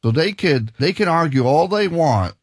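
A man preaching a sermon and reading from the Bible, halting and emphatic, often repeating his words. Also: fairly high pitch, expressive, slightly rough, no echo, clean studio sound.

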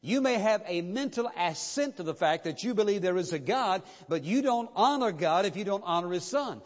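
A pastor preaching a sermon in a church, insistent and emphatic, driving points home with repetition. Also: male voice, high voice, animated, moderate pace. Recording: dull muffled recording with long hall reverb.

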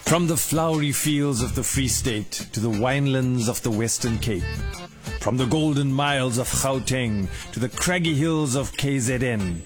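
A man's voice: medium pitch, normal speed. A man reading a grand scripted radio intro as announcer. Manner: grand, building announcer read. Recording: radio intro with music bed.

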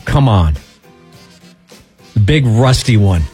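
A man's voice: fairly low pitch, lively intonation, takes it slowly, mellow, faint music behind. A man co-hosting a casual talk show, self-pitying and defensive as he jokes with his friends. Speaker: co-host. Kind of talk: casual banter.

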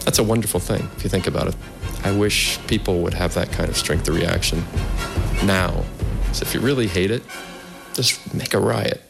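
Deep, gravelly male orchestra musician. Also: moderate pace, music in the background. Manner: animated, emphatic, playful. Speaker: orchestra bassoonist. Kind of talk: interview clip.

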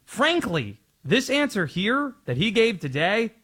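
A man's voice: sits high, big pitch swings, a little slow, pushed and bright, breathy edge. A man co-hosting a sports talk show, setting up topics and introducing clips. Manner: segues into topics, sets up clips.

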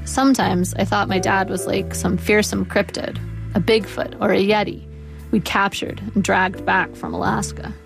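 A woman in her forties reads her own essay into a studio microphone. Her voice has a gravelly fry, and she delivers the lines in a measured, dryly wry way, with a faint music bed underneath. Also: mid-range voice, steady tone. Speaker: author reading her essay. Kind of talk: first-person essay reading.

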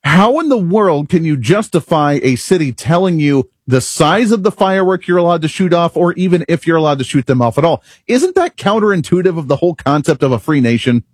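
A man's voice: on the high side, lively intonation, brisk, few pauses, a little mellow, dry recording. A man hosting a political talk radio show from a studio, delivering an opinionated monologue full of rhetorical questions.

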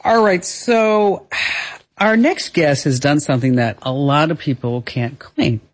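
A woman's voice: deep voice, measured pace. A woman with a New Jersey accent hosting a radio talk show, upbeat and laughing easily as she reads ads and chats with guests. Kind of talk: casual chat with ad reads.

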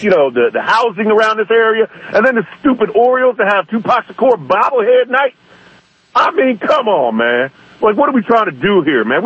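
A man calling in to a talk radio show, ranting indignantly in rapid bursts over a muffled phone line. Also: high-pitched, a bit bright, slightly rough, no echo. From East Baltimore. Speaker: caller. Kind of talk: call-in radio rant.

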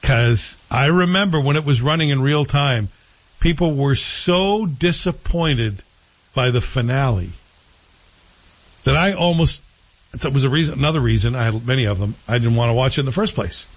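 A man's voice: medium pitch, moderate pace. A man hosting a casual chat show, rambling through his opinions on a TV series and often correcting himself. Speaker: host reviewing TV series. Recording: dull lo-fi sound.

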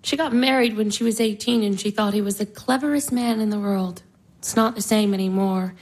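An actress playing a wistful, unhappy young woman of twenty who speaks softly and broodingly. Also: medium pitch, a little fast, close to an everyday voice. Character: wistful young sister, restless and sad. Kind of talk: stage drama acting.

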